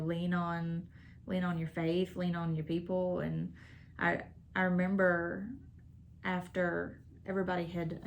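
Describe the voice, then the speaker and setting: A woman telling her family's hospital story in a casual sit-down, halting and full of fillers and restarts. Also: fairly low pitch, vocal fry, slight background noise.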